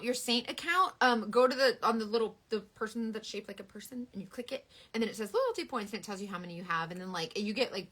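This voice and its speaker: A woman in her thirties chatting casually and animatedly on a live beauty stream. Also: medium pitch. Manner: animated, dramatic, Southern US sayings. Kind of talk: casual chat.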